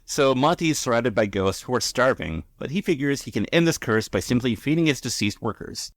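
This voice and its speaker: A man's voice: mid-range voice, expressive, fairly quick, no echo, clean studio sound. A man co-hosting a podcast, casually recapping an episode in a rambling, filler-heavy way. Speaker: podcast co-host.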